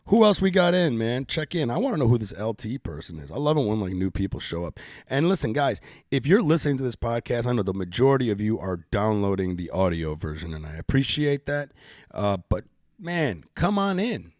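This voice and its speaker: A man's voice: mid-range voice, sing-song, fairly quick, darkish tone, no echo, clean studio sound. A middle-aged man hosting a casual live-stream podcast, joking around in loose, profane banter. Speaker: podcast host.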